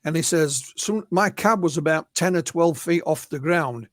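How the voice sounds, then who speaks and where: An English man, a guest researcher and author, telling stories in a relaxed interview and often quoting the witnesses he spoke to. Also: fairly high pitch, normal speed, no echo. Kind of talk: conversational storytelling interview.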